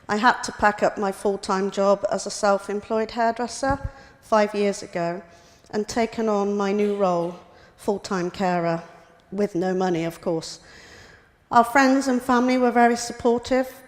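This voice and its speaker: Brief: middle-aged woman reading a personal talk, mid-pitched, plain and steady, in a big echoing room. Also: a little slow. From United Kingdom. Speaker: carer giving a talk. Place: hospital lecture room. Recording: reverberant hall.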